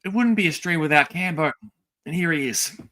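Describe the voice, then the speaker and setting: A man's voice: on the high side, a little fast. An Australian man co-hosting a casual toy livestream, joking around and greeting people in the chat one after another. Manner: lively, jokey, rattling off greetings.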